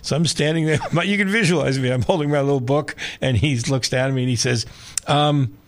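A man in his sixties, a sports talk radio host, telling a story with lively energy and frequent laughter in a studio. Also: medium pitch, a little fast.

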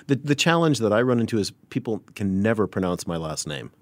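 A man hosting a casual radio chat, easygoing and conversational, with quick agreeing interjections. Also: fairly low pitch, very animated, dry recording. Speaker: radio host.

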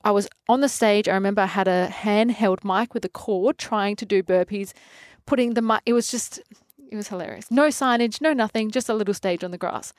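A woman in her twenties from Adelaide with an Australian accent, a fitness trainer telling lively stories in an interview, acting out quotes and laughing often. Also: mid-range voice, brisk, few pauses, no room sound, studio quality. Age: 20s. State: pregnant. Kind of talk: casual interview.

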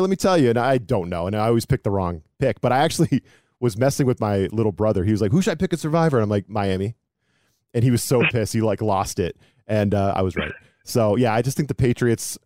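A man's voice: fairly low pitch, darkish tone, dry recording, clean studio sound. A man hosting a sports podcast, chatting casually and animatedly, poking fun at himself and laughing often. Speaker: podcast host.

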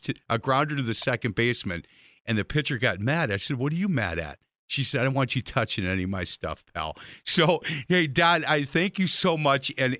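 A man's voice: medium pitch, sharp tone, no echo, clean studio sound. A man hosting an interview show, telling long stories in a chatty way with many restarts. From Irish heritage. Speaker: show host. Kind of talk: casual interview chat.

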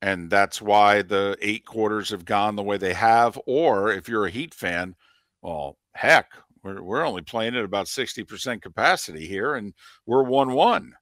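A man's voice: on the low side, measured pace, a bit bright, dry recording, clean studio sound. A man co-hosting a sports radio show, giving emphatic opinions in casual sports talk.

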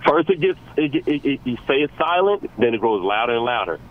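A man calling into a sports radio show, ranting excitably and stumbling over repeated words. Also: medium pitch, brisk, phone-quality sound. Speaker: caller.

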